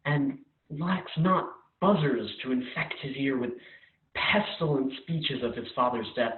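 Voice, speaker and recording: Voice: mid-range voice, natural voice. A performer playing a scheming king, declaiming verse in a commanding manner. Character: Claudius, a scheming anxious king. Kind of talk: amateur remote play reading. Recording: tinny phone-like line in an echoey room.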